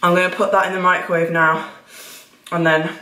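A woman's voice: fairly low pitch, little pitch movement, a little fast, bright, forceful tone, low-quality recording. A young woman, chatting casually to camera in an upbeat, breathless way as a cycling vlogger. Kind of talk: casual vlog chat to camera.

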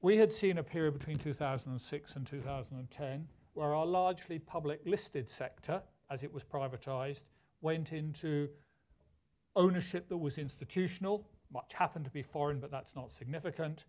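Measured man giving a conference talk. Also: fairly high pitch, a little mellow. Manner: measured, with frequent restarts and emphasis. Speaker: conference speaker. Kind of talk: formal conference presentation.

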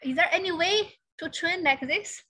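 High bright-voiced woman, student, asks questions, lots of "like". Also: moderate pace. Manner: hesitant, many fillers like "like". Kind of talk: asking questions in class.

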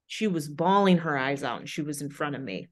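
A woman's voice: deep voice, lively intonation, a little fast. A woman guest, a grief counselor, earnestly recounting her experiences in a casual conversation. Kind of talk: casual chat.

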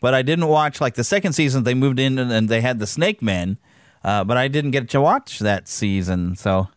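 A man's voice: mid-range voice, animated, normal speed, no echo, clean studio sound. A man hosting a podcast in casual chat, rambling and upbeat, with lots of fillers and restarts. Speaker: podcast host. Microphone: podcast microphone.

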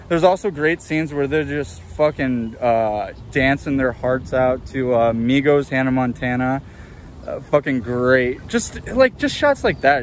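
A man's voice: mid-range voice, slight background noise. A man hosting a casual, profane, rambling movie review outdoors. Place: outdoors in an urban area.

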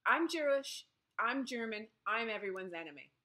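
A woman's voice: a little high, animated, moderate pace, bright, forceful tone, voice pushed up. Defiant refugee teen girl, earnest and blunt, read by a woman narrator. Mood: wary, bitter. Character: stubborn, guarded teenage refugee girl.

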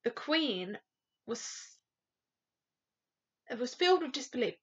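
A woman teacher reading a story aloud to children, pausing to ask the class questions. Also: a little high, breathy edge. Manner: slow, lively, asks the class questions. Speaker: primary school teacher. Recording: dull lo-fi recording.

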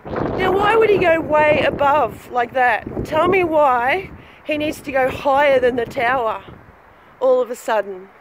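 A woman's voice: high voice, lively intonation, a little slow, background noise. A woman, ranting angrily and swearing while filming herself outdoors on her phone. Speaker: vlogger. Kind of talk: angry rant vlog while walking. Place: outdoors on a street.

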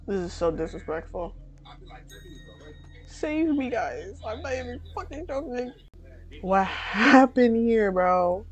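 A young woman giving live gameplay commentary, excitable, jumping between loud yelps and low mutters. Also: slow, pauses often. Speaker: let's play gamer.

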